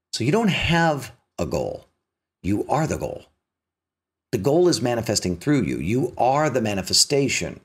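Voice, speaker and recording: Husky, lively-voiced male self-help speaker. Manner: animated, rising pitch when emphatic, drops low and soft for punchlines. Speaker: motivational speaker. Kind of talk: spiritual self-help talk with storytelling.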